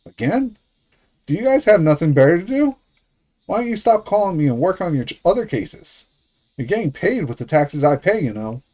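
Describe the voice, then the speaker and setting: A man's voice: a little high, very animated, normal speed, darkish tone, pitched above the performer's own voice. A man voicing a hostile, bullying middle-aged uncle who snaps and threatens. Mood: irritated. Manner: rude, hostile, menacing.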